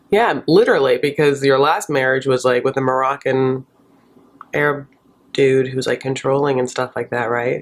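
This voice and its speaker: A woman hosting a casual TV recap, gossipy and sassy with quick joking asides. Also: low voice. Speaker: recap host.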